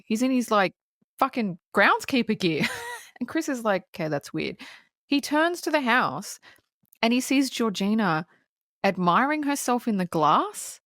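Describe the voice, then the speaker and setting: Excitable woman recapping a movie. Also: medium pitch, dry recording, clean studio sound. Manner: excited, swears casually, lots of "like". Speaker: podcast co-host.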